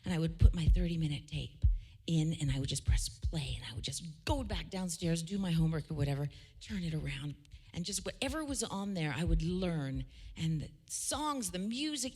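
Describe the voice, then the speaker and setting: Between songs, a woman from Canada who writes and sings her own music chats casually, telling stories and frequently starting her sentences over. Her voice is fairly low in pitch and moves at a normal speed.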